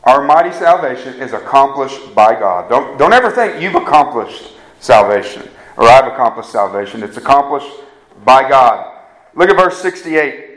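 A man's voice: medium pitch, very animated, normal speed, fairly bright tone, reverberant, rough recording. A man preaching a sermon, earnest and emphatic, repeating key phrases for weight. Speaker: pastor.

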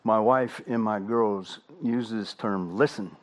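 A middle-aged man, a pastor, preaching a sermon with emphatic delivery, slow dramatic pauses and rhetorical questions. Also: lowish voice, steady tone.

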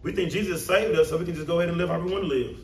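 High-voiced preacher in an echoey room. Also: male voice, racing, slight background noise. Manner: animated, emphatic preaching with questions to the congregation. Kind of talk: sermon. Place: church room with congregation. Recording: roomy echo, mic at a distance.

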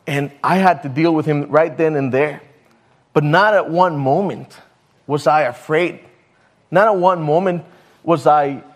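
A man preaching a sermon, telling a story and stumbling over his words now and then. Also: a little high. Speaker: pastor.

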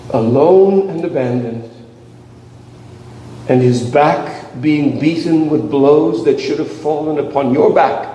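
Slow, impassioned preacher in an echoey hall. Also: male voice, fairly high pitch, warm tone, far from the mic, a little hiss or hum. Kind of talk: sermon.

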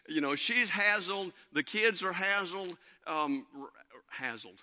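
A middle-aged man, preaching a sermon and telling a lively family story with many fillers and restarts. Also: sits high, a little slow. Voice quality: bright, animated storytelling with frequent fillers and restarts.

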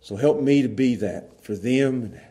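A man preaching a folksy sermon to a small church congregation, swinging from hushed earnest passages to loud, excited storytelling. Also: medium pitch, normal speed. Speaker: pastor. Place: small church, evening service.

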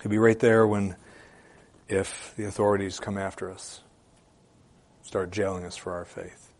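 Male pastor, sermon, fairly low voice, emphatic, repeats lines, loud then hushed. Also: fairly even intonation, measured pace. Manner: emphatic preaching, swinging from loud declarations to hushed, quiet appeals; repeats phrases for emphasis with occasional filler hesitations.

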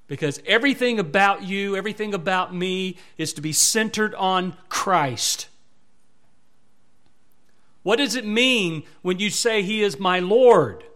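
Male pastor, fairly high voice, emphatic sermon delivery. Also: animated, measured pace, a bit bright.

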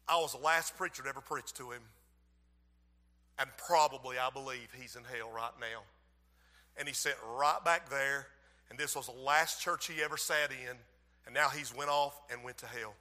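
A man preaching a fiery revival sermon, shouting and then dropping to a hush, in a church. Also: fairly high pitch, fairly quick. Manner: shouting, dramatic storytelling with sudden hushed drops. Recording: echoey church hall.

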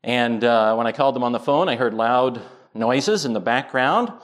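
A man's voice: medium pitch, moderate pace. A man preaching a sermon as pastor, earnest, building to emphatic points.

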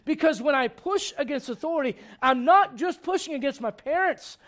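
High-voiced emphatic male preacher. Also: a little fast, hardly any pauses. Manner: emphatic, many rhetorical questions; swings between loud urgency and hushed gravity. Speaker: pastor. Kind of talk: sermon.

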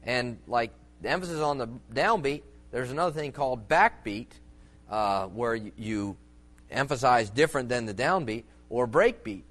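A preacher teaching about church music talks in a medium-pitched, fairly bright, animated voice at a normal speed. His sermon-style talk is informal, rambling and folksy, full of fillers and restarts, and leans on homely illustrations.

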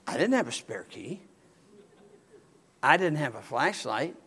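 An older pastor tells a story in a folksy, animated way. His voice sits high for a man and swings widely in pitch. He acts out the quotes as he goes. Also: unhurried, breathy edge. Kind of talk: storytelling sermon.

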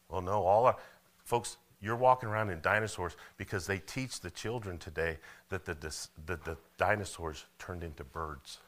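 A man's voice: deep voice, normal speed, fairly bright tone. A man preaching a sermon in a church, folksy and full of rhetorical questions and calls for amen. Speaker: pastor. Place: church sanctuary.

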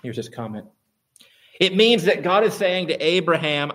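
A man preaching a sermon, asking his listeners rhetorical questions and building to emphatic, louder peaks. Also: fairly high pitch, lively intonation, normal speed.

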